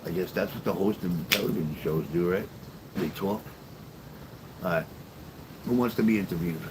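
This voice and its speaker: An older man talks casually to his livestream viewers, blunt and salty in his stories. His voice sits fairly low. A faint hiss of background noise runs under the recording. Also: a little fast. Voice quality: blunt, profane storyteller. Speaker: livestream host.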